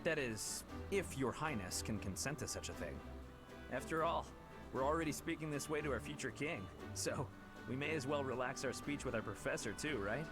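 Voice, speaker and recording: A man voicing an easygoing, teasing young nobleman in a video game, speaking in a relaxed, casual way. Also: mid-range voice, normal speed, music in the background, close to an everyday voice. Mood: laid-back. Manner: laid-back and teasing.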